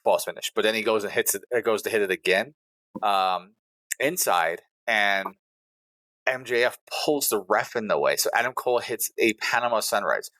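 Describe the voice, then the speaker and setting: Man with a bright low voice recapping eagerly. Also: moderate pace, dry recording. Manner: animated play-by-play recap, acting out quotes. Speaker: podcast co-host. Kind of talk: casual podcast chat.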